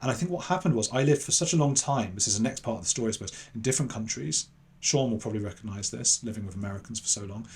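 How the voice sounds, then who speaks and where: Lively storytelling Englishman, low voice. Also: racing. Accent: English, between posh and London. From London, England. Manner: animated anecdote-telling with self-deprecating asides and fillers. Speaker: podcast guest. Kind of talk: casual storytelling interview.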